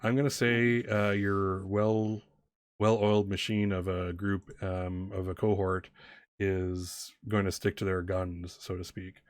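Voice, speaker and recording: A man narrating as game master of a tabletop role-playing game, talking in halting bursts with many fillers and restarts. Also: low-pitched, little pitch movement, no room sound.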